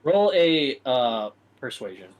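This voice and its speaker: A man's voice: medium pitch, sing-song, takes it slowly, low-quality recording. A man running a tabletop game as dungeon master, narrating in a loose, casual way.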